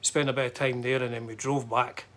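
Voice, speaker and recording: Man, Scottish accent, middle-aged, casual chat, rambling, filler words, medium pitch. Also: level tone, brisk, fairly bright tone. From Scotland. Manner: rambling, chatty, frequent fillers and restarts. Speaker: guitar vlogger.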